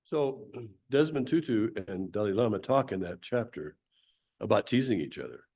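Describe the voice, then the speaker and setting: A man giving a Sunday talk, leading the group through a laughter exercise with coaching instructions and frequent throat clearing. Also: lowish voice, expressive, normal speed, a little mellow.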